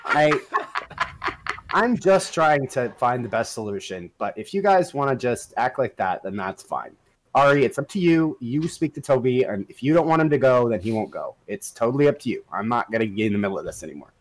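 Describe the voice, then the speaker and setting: A man's voice: medium pitch, big pitch swings, brisk. A man playing an earnest young man who hedges and tries to keep the peace in a tabletop role-play. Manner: earnest, with hedging fillers.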